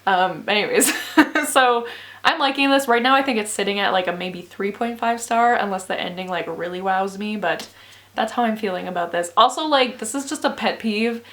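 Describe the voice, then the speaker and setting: A woman's voice: mid-range voice, moderate pace, a bit bright. A sleepy, exhausted young woman chatting casually in a book vlog, rambling with lots of "like" and frequent laughs. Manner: rambling, filler-heavy, laughs often. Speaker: book vlogger.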